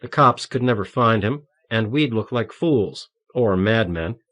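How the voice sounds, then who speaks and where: A man voicing a soft-spoken young priest. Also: expressive, measured pace. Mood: reasoning. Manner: soft, low and consoling.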